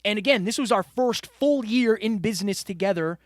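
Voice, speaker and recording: A man's voice: high-pitched, a little fast, no echo, studio quality. A man co-hosting a podcast, talking through his year in an earnest, reflective way and speaking straight to the listeners. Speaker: podcast co-host. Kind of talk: casual podcast chat. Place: studio room with a whiteboard.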